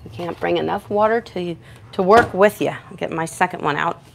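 Gravelly-voiced woman demonstrating dog grooming. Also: on the low side, normal speed, a little hiss or hum. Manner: chatty, talks to the dog and to viewers. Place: indoor grooming shop.

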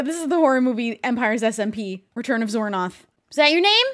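A woman streamer giving let's play commentary, excitable, often gasping and shrieking. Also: sits high, normal speed, long pauses. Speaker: gaming streamer.

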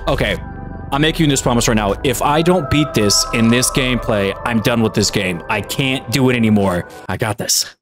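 A man commentating his own horror game playthrough, getting exasperated and shouting when things go wrong. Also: medium pitch, moderate pace. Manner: exasperated, yelling in frustration. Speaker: gaming YouTuber. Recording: game music behind voice. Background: game music.

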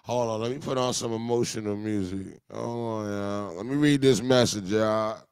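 Gravelly man hosting a crude live review. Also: on the low side, normal speed, darkish tone, dry recording. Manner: crude, mocking, joking banter. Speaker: host. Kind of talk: live-streamed music review chat.

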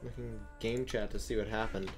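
A livestreamer chatting casually while playing, reacting out loud, swearing and talking to viewers and teammates. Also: medium pitch, steady tone, over music. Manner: reacting aloud, swearing, quick laughs. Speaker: livestreamer playing a block-building game. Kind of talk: casual live gameplay chat.

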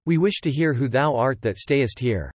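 Grieving ancestor spirits, as a man reads them aloud, pleading with their son in archaic, formal phrasing. The pitch moves in a lively way, and the sound is dry and close. This is a storybook reading of an old epic. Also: normal speed, slightly rough, no echo.

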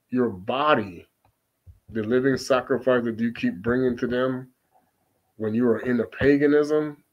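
Man preaching on scripture, mid-pitched voice, reads archaic verses slowly and comments emphatically with constant rhetorical questions. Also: muffled recording. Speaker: religious teacher.

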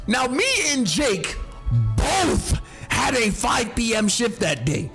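A young man tells a funny story about his job with lively, slangy energy. His voice runs high and swings widely in pitch over faint background music. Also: takes it slowly. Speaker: animated storyteller. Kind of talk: comedic storytelling.

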